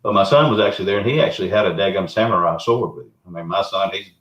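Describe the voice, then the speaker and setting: Man, Southern US accent, very low voice, folksy rambling storyteller, echoey lo-fi audio. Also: rapid-fire. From Arkansas, US. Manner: folksy, rambling, animated retelling. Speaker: guest, Bigfoot researcher. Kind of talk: casual storytelling. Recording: roomy, dull lo-fi remote audio.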